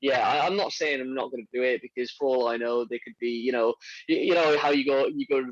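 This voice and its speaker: A young man in casual conversation, candid and quick to laugh. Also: mid-range voice, dry recording, dull audio. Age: young adult. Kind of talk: casual chat.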